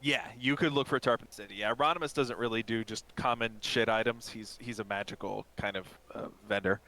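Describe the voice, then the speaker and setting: A man narrating as game master in a tabletop game, rambling and pausing often with fillers. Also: fairly low pitch, fairly even intonation, sharp tone.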